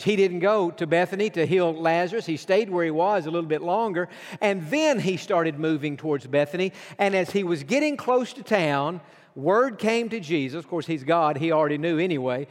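Man, pastor, earnest emphatic sermon, slow dramatic pauses, high voice, long hall reverb.

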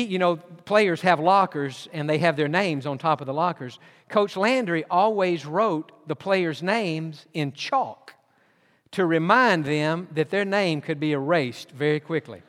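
A man's voice: sits high, fairly bright tone. A man preaching a sermon as associate pastor, telling folksy stories with light humor. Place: church sanctuary. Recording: long reverb of a church hall.

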